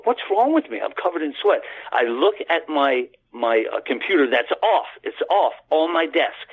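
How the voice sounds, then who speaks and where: A man's voice: on the high side, husky. A man telling a long personal story as a radio guest, earnest and rambling, with many restarts, addressing the host by name. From United States. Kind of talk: casual storytelling on a phone-in radio show. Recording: tinny phone line.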